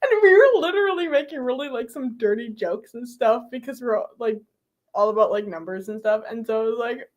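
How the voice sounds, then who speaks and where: A woman's voice: a little high, steady tone, brisk, a little mellow. A young woman streaming live, chatting casually with her viewers, giggly and full of fillers.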